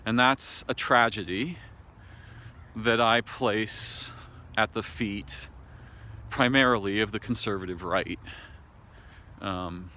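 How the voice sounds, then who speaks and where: An American man speaking an unscripted monologue to camera, thoughtful and halting, with many pauses, fillers and restarts. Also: lowish voice, sharp tone. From United States. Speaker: video essayist. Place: home in a city. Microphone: camera mic.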